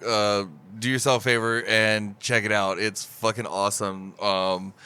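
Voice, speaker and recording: A man's voice: lowish voice, level tone, a little slow, bright, forceful tone, smooth. A man co-hosting a podcast and wrapping up the episode in a laid-back, casual way, with lots of filler words. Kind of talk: casual chat.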